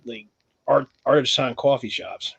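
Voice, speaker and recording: A man's voice: medium pitch, fairly even intonation, unhurried, vocal fry, fairly bright tone, breathy edge, highs cut off. Laughing, swearing young man co-host. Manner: loose, profane, laughs often. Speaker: podcast co-host. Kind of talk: casual chat.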